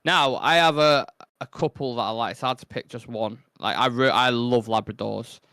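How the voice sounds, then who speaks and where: A man's voice: medium pitch, fairly even intonation, normal speed, vocal fry, bright, forceful tone, dry recording, studio quality. A man co-hosting a football fan show, chatting frankly with swearing and rambling recaps of the news. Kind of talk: casual chat.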